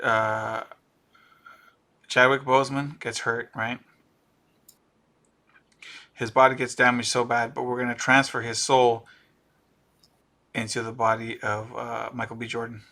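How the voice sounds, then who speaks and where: Excitable man with a bright, forceful voice. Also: mid-range voice. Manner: animated, excitable, riffs on ideas and laughs. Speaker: podcast co-host. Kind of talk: casual pop-culture chat.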